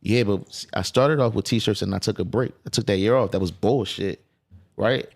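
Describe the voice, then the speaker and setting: A man's voice: on the low side, normal speed, creaky. A man talking as a guest on a podcast, casual and emphatic, with profane streetwise phrasing. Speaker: clothing designer guest.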